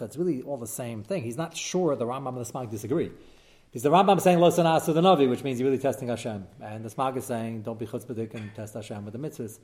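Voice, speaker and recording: A man teaching a text-study class at a brisk clip, with a voice of ordinary middle pitch for a man. He explains animatedly and fills his pauses with "uh" and "um.". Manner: animated, quick explaining with frequent fillers.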